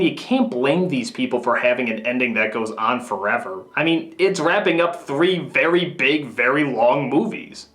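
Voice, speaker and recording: Ranting man reviewing films. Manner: ranting, sarcastic, swings into sudden high yells. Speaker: film reviewer. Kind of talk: comedic film review, impression of a famous critic. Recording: echoey room with faint music.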